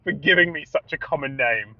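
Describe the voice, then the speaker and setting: A man's voice: fairly high pitch, fairly quick, dry recording, muffled recording. A man co-hosting a casual podcast chat, telling stories animatedly with frequent laughs and swearing. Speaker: podcast co-host.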